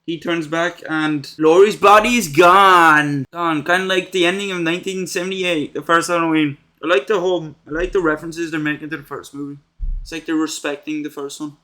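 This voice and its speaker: A young man rattling through a horror movie scene by scene, cracking crude, slangy jokes along the way. His voice runs high and bright, loose and conversational throughout. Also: steady tone, a little fast. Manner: slangy, crude, joking asides. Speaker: movie recap commentator. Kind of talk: casual comedic movie commentary.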